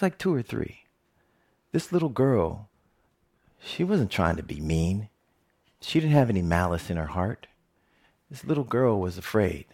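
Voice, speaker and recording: A middle-aged man, a TV presenter, giving a personal storytelling talk with jokes and frequent laughter. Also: fairly low pitch. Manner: animated, jokey storyteller who laughs often.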